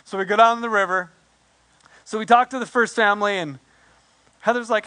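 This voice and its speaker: A pastor in his forties tells a story from the pulpit, lively and self-deprecating, slipping into the voices of the people he quotes. His voice sits high for a man and sounds bright and clear. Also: quick pace, pauses often. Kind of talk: storytelling sermon.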